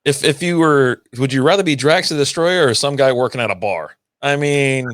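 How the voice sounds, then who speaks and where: A man's voice: mid-range voice, normal speed, no room sound. Laid back guy chatting about an episode, rambles, middle voice, dry sound. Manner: relaxed, rambling, keeps saying you know what I mean. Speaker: co-host. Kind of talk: casual reaction chat.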